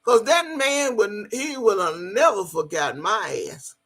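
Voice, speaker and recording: A woman with a bright, gravelly voice tells a story from her own life, swinging up and down in pitch as she goes. Her tone is a little husky, and her talk is blunt and salty, with plenty of swearing. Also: a little slow. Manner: animated, profane, swears freely. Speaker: vlogger telling a personal story. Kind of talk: casual storytelling.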